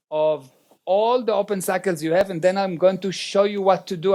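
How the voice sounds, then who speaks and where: A man's voice: high-pitched, a little mellow. A man giving a motivational seminar talk in non-native English, direct and often checking in with the audience. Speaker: seminar speaker.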